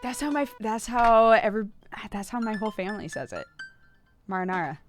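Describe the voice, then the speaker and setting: A young woman streaming a game in casual chat, animated, laughing often and swearing freely. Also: fairly high pitch, fast, soft background music. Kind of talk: casual live-stream chat while gaming.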